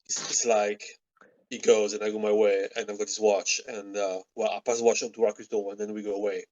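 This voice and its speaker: A man's voice: fairly low pitch, little pitch movement, fairly quick, darkish tone, highs cut off. A man playing a tabletop game, explaining his plan hesitantly. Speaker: player. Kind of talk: casual tabletop play.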